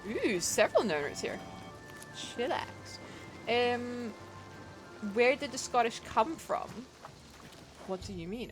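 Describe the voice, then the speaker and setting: A woman streaming a video game, chatting casually, reacting to the game and greeting viewers in a playful, self-deprecating way. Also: mid-range voice. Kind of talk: casual gameplay commentary.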